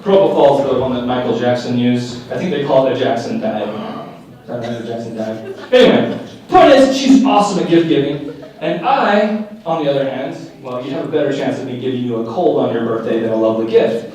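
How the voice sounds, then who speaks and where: A man's voice: mid-range voice, expressive, fairly quick, darkish tone. A young man performing live stand-up comedy, telling wry self-mocking stories and acting out the dialogue. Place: live venue before an audience. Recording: very echoey room, voice from far off.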